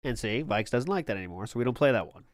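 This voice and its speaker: A man's voice: mid-range voice, lively intonation, very fast, dry recording, studio quality. A man hosting a live watch-party stream, chatting casually with sarcastic, profane asides and frequent laughs.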